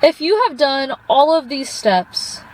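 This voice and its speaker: High-voiced young woman cheering viewers on. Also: lively intonation, slow pace, a little hiss or hum, low-quality recording. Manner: earnest and encouraging, calls viewers babe. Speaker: vlogger. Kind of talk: casual motivational talk to camera. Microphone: phone propped up.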